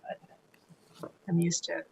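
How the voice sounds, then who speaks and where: A woman's voice: extremely slow, a little mellow, slight background noise, low-quality recording. Hesitant, good-humored woman on a call. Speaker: defendant at a hearing. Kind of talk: hearing testimony.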